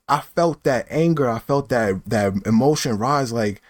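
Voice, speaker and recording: Brief: New guy in his thirties, mid-pitched, rambling casual vlog monologue, dry close sound. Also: animated, normal speed, dry recording. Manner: loose and rambling, full of fillers and tag questions. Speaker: vlogger.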